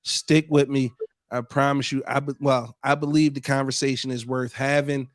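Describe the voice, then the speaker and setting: A man's voice: medium pitch, little pitch movement, normal speed, no echo, studio quality. A man hosting a podcast, casually breaking down a video with loose, profane talk and frequent laughs. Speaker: podcast host.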